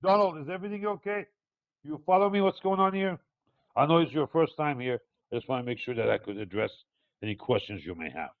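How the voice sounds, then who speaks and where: A man's voice: fairly high pitch, expressive, brisk, no room sound. Older male analyst with a foreign accent, digressive teacher, thin tinny dry recording. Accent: non-native English accent. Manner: digressive, hesitant, many uh fillers, explaining step by step. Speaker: market analyst teaching a live webinar. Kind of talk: live chart walkthrough for traders. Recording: tinny phone-like dry sound.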